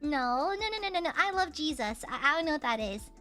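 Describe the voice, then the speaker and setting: A woman's voice: sits high, animated, a little fast, faint music behind. A woman streamer chatting casually and playfully with her chat, a slight Southern accent, and a lingering cough. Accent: slight American Southern. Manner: playful, teasing, bursts into shouting.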